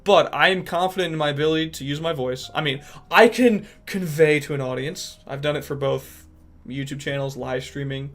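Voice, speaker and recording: A young man in casual chat who talks in an animated, sporadic way about trying to become a voice actor. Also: on the high side, normal speed. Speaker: aspiring voice actor and podcast guest.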